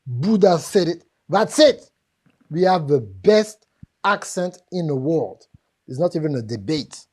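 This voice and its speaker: With a husky, darkish voice that sits low, a woman with a French accent gives a live business seminar. She sounds animated and keeps a measured pace, addressing the audience directly with emphasis and humor.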